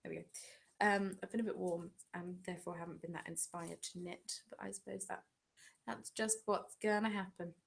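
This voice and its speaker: A woman's voice: fairly low pitch, steady tone, normal speed, vocal fry. Chatty woman from England. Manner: chatty, self-deprecating, reads viewer comments. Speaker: craft channel host. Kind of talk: casual live-stream chat.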